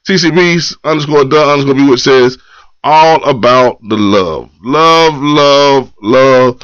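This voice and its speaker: In dull lo-fi live stream audio with a dry sound, a man with a mid-range, fairly bright voice chats at normal speed on his morning poetry stream. He greets viewers, reads their comments, and stays laid-back, using loose slang and repeating phrases.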